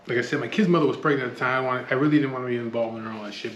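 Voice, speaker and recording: A man's voice: medium pitch, racing, few pauses, dull audio. A man telling a street story in a blunt, profane, casual way. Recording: echoey room, faint noise.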